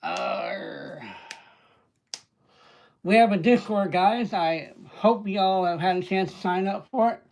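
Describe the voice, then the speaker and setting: A man hosting a casual livestream, chatting and greeting viewers by name, with hesitant fillers and frequent throat-clearing. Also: sits high, slow, long pauses, darkish tone, rough recording. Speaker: livestream host.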